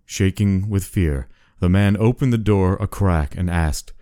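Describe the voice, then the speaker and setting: A man casually telling a spooky story and chatting, relaxed and chuckling. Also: low voice, unhurried, no room sound, clean studio sound. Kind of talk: casual spoken story and chat.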